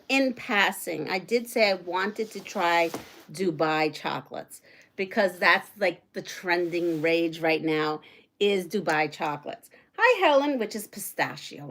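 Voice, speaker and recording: A middle-aged woman hosting a casual livestream, chatty and excitable, greeting viewers and reading their comments aloud. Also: medium pitch, a little hiss or hum. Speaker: livestream host. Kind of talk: casual live chat while unboxing.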